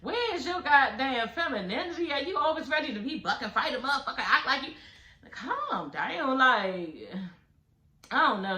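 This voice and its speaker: A woman's voice: fairly high pitch, bright, forceful tone, echoey room. A woman recapping a reality show in casual, blunt, profane chat, laughing as she talks.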